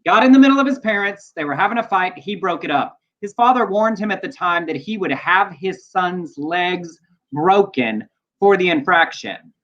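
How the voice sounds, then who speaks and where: A man's voice: high voice, lively intonation, normal speed, fairly bright tone. Wry, playful male co-host reading news items, muffled lo-fi stream audio. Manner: playful, wry, reads stories aloud. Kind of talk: casual news chat.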